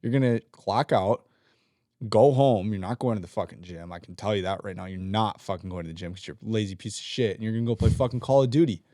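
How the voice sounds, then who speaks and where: A man's voice: fairly low pitch, quick pace, no room sound, studio quality. A man co-hosting a podcast in casual chat, ranting heavily and swearing freely; he leads a team at work. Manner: profane, ranting, animated. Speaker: podcast co-host.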